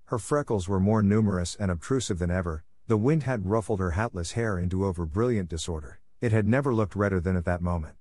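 A man narrating a classic novel as an audiobook in a steady, even reading. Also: low-pitched, quick pace, hardly any pauses, no room sound, clean studio sound.

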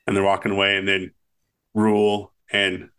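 Lowish-voiced chatty podcast man. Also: monotone, moderate pace, a bit bright, smooth. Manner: rambling, laughs through retellings. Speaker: podcast co-host. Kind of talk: casual chat recalling movie scenes.

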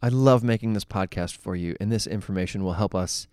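A man's voice: lowish voice, a little fast, clean tone, dry recording. A man hosting a podcast, talking in a chatty, easygoing way with fillers in a studio. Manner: warm, chatty, filler words. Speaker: podcast host. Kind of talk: scripted podcast intro and casual interview. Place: recording studio.

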